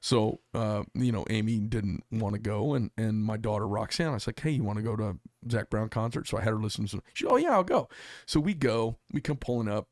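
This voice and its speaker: A man's voice: fairly low pitch, fairly quick, hardly any pauses, dry recording, studio quality. A middle-aged man hosting a casual chat, telling long stories, acting out the people he quotes and swearing freely. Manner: animated storyteller, acts out quotes, swears freely. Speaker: podcast host and knifemaker. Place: small workshop studio.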